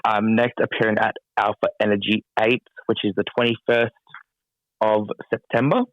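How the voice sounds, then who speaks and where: A man's voice: fairly low pitch, level tone, normal speed, no echo, muffled recording. A man, a pro wrestler as guest, talking casually with dry, self-deprecating humor. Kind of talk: casual interview chat.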